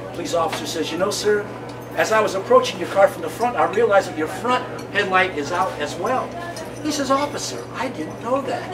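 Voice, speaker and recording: A man doing stand-up comedy at a lunch event, telling folksy jokes loudly with punchlines. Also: on the high side. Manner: loud, folksy, punchline-driven. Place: banquet room during a lunch. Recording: distant mic with loud room noise and clinking dishes.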